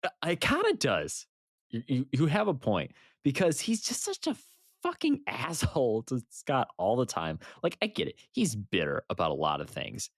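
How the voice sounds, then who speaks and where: A man co-hosting a podcast in casual chat, animated and laughing as he recaps scenes. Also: medium pitch, normal speed, no room sound, studio quality. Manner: animated, laughs and uses fillers while recapping. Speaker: podcast co-host.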